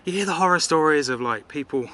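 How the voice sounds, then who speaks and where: Outdoors in a city, a man from England vlogs about his travels in a loose, rambling way, full of fillers and self-deprecating asides. His slightly high voice is expressive, fast, pushed and bright.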